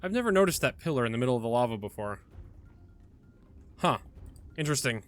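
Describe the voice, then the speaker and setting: A man's voice: medium pitch, sing-song, quick pace, faint music behind. A man hosting a gaming video, thinking aloud in a hesitant way with frequent restarts. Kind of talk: gameplay commentary.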